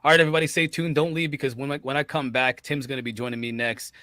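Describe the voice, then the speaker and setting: A fast-talking man hosts a casual livestream, his voice bright and forward. He is effusive, thanking his guest again and again. The sound is dry and close. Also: mid-range voice, fairly even intonation, dry recording. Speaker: livestream host.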